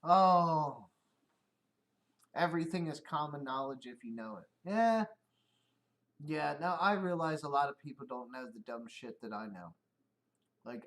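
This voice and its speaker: On a casual livestream, a middle-aged streamer with a medium-pitched, fairly bright voice rambles and swears. He often laughs at his own stories.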